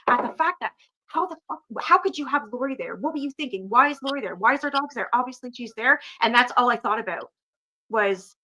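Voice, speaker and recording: A woman's voice: a little high, fairly quick, bright, forceful tone, muffled recording. A woman hosting a casual livestream, talking bluntly and profanely and owning up to her mistakes. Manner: blunt, profane, self-critical. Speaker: livestream host.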